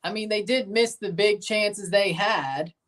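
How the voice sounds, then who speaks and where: A woman hosting a live football watchalong, chatting casually and giving strong opinions, breaking into excited shouts at big moments. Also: medium pitch, measured pace. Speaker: watchalong host. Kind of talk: live match reaction commentary.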